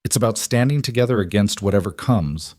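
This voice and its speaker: A man's voice: fairly low pitch, expressive, fairly quick, a little mellow, natural voice. A man voicing a brave, defiant young woman, a bride, who speaks with determined firmness. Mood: tender firm. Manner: determined, firm.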